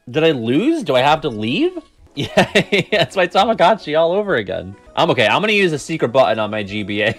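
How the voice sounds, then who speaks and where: A man streaming video games, talking through the play in a casual, profane way and often laughing at himself. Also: fairly high pitch. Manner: animated, profane, laughs often, self-deprecating. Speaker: game streamer. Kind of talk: casual gameplay commentary.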